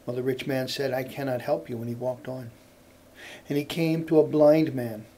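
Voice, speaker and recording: A male storyteller telling a folk tale in an unhurried cadence that repeats phrases for effect. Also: mid-range voice, dark tone, a little hiss or hum.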